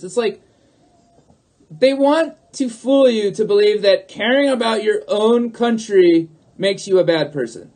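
A man with a high, slightly mellow voice hosts a livestream at an unhurried pace. His monologue to viewers is emphatic and repetitive, and he calls out to them again and again.

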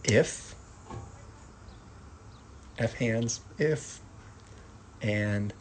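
A man teaching sign language vocabulary, calmly repeating each word and adding gentle asides. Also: medium pitch, measured pace, pauses often, breathy edge, low-quality recording. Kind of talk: slow vocabulary lesson.

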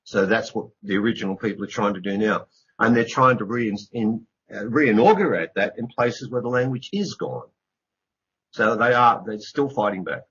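Man, middle-aged, emphatic, somewhat low voice, dull lo-fi radio recording. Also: normal speed, a bit bright, slight background noise. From Australia. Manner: earnest, emphatic, repeats words for stress. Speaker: author and researcher, interview guest. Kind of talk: radio interview.

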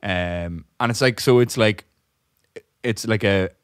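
Man, young adult, podcast co-host, rambling storyteller, frequent swearing, low pitch, dry sound. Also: takes it slowly, clean tone, no room sound. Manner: rambling, swears often, laughs while telling. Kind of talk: casual storytelling chat.

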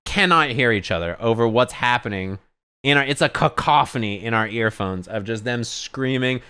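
A man tells a story to his stream in a casual, animated way. His mid-pitched voice is smooth and clear, and it sounds dry and close on the mic. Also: moderate pace, dry recording. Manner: animated anecdote, acts out others yelling in high pitch.

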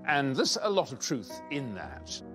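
Man giving lively royal commentary. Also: medium pitch, unhurried, music in the background. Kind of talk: interview commentary.

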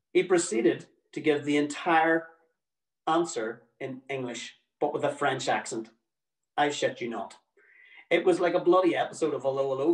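A man's voice: a little high, echoey room, far from the mic, rough recording. Wry man telling a story. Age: middle-aged. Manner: dry, wry, mock-exasperated. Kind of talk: personal story read aloud to an audience.

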